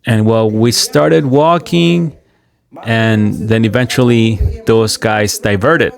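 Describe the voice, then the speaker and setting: A man retelling a migrant's journey in the first person, in an animated storytelling manner where his pitch jumps up on the excited parts. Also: takes it slowly, vocal fry. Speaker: commentary channel host.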